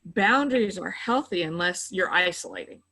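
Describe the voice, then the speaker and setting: A woman's voice: lowish voice, animated, normal speed, bright, forceful tone, poor audio. A middle-aged woman who works in mental health, patiently explaining coping tips in a conversational interview, with frequent "you know" fillers.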